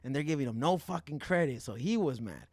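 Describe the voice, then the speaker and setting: A young man from South Central Los Angeles, a fighter telling animated, profane stories as a podcast guest and slipping in Spanish words. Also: on the high side, brisk, no echo, studio quality. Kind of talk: casual podcast storytelling.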